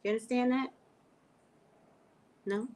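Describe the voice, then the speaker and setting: A woman hosts a casual psychic livestream from home on a webcam mic, speaking directly to her viewers. She is animated and laughs often, with a slightly high voice and a slow pace.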